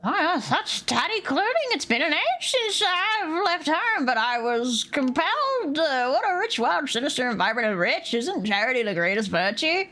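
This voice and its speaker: A woman's voice: high-pitched, big pitch swings, moderate pace, few pauses, bright, forceful tone, soft background music, pitched above the performer's own voice, exaggerated voice. A woman reading out a ragged, wistful cult follower.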